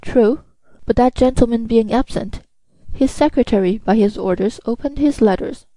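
A woman's voice: on the high side, moderate pace, mellow, no room sound, lightly acted, poor audio. A woman reading as a stern young prosecutor. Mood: measured.

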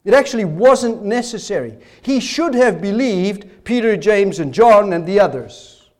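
A man preaching a sermon with rhetorical questions, hoarse, his voice failing and breaking into coughs. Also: sits high, animated, measured pace. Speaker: pastor.

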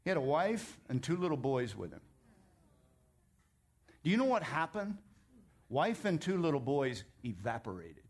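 A man's voice: on the high side, normal speed, long pauses, slightly rough. A man preaching a sermon as pastor, emphatic and conversational, telling stories and joking with his congregation. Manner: animated storytelling, emphatic.

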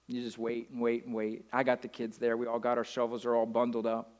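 A man preaching a sermon as a pastor, swinging from loud declarations down to hushed storytelling. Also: mid-range voice, completely flat delivery, fairly quick.

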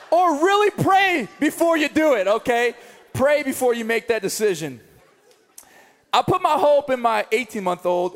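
High-voiced man preaching in a hall. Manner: animated storytelling with comic asides. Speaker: pastor. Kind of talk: sermon. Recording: long reverb of a large hall.

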